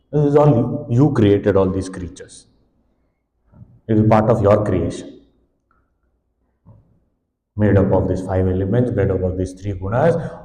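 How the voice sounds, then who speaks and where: Man giving an expressive devotional talk in an echoey hall. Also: on the low side. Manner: expressive storytelling, speaking as a helpless infant. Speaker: swami giving a spiritual discourse. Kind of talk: devotional discourse explaining a hymn.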